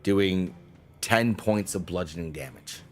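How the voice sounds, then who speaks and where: Deep-voiced man running a tabletop game. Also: measured pace, soft background music. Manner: casual, rambling, with frequent restarts and swearing. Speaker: game master.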